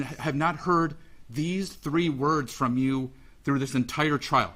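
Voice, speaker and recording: Emotional man, halting court statement. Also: on the high side, steady tone, fairly bright tone. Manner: emotional, halting, repeats phrases. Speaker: father giving a victim impact statement.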